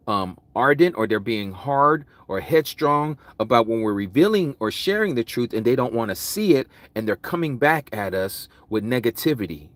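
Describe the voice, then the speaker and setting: A man preaching a Bible study sermon, loud and vigorous, with mounting intensity. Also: lowish voice, dry recording. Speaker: Hebrew Roots Bible teacher. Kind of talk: impassioned livestream sermon.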